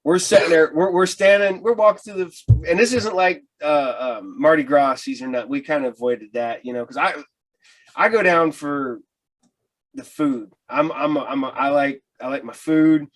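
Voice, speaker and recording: A man's voice: a little high, moderate pace. A man hosting a casual podcast, easygoing and chuckling, who trips over his words as he tells a story. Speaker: podcast host.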